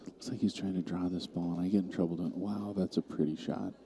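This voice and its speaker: A man's voice: low voice, fairly even intonation, fairly quick, background noise. A man giving casual live commentary on a pool match, talking steadily through the shot choices.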